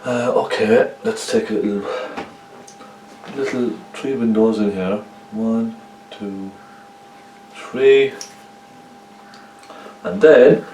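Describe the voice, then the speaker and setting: A man's voice: fairly low pitch, a little mellow, roomy sound, far from the mic, a little hiss or hum, rough recording. A man with a Cork Irish accent giving a chatty painting lesson, often checking in with the viewer. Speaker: painting instructor. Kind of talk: casual painting tutorial.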